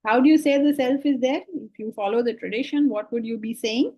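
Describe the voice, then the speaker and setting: A woman from India, teaching a spiritual class on scripture in an animated, questioning way. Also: fairly high pitch, a little fast, dull audio. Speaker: Vedanta teacher.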